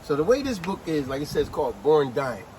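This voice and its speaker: A man hosting a casual book review chat, retelling scenes as an animated storyteller with street slang. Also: on the high side, a little fast, slight background noise, poor audio. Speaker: host.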